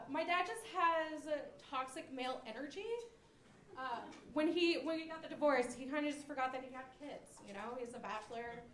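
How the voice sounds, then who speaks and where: This young woman's voice sits high and has a fairly bright tone as she runs through a stand-up set of self-deprecating, filler-heavy stories. It was captured on a comedy club stage, with a little hiss or hum, a roomy sound and laughter from the crowd.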